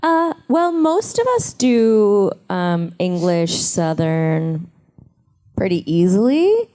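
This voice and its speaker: Mellow-voiced woman chatting with fans on a con panel, playful storyteller, handheld mic. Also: lowish voice, very animated, slow pace. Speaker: convention panel guest. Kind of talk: casual panel Q&A. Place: convention panel room.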